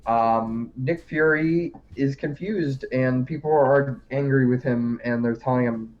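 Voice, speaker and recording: A man's voice: medium pitch, fairly even intonation, unhurried, few pauses, muffled recording, a little hiss or hum. A man co-hosting a podcast, recapping a TV series in casual, rambling chat, swearing and laughing often. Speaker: podcast co-host.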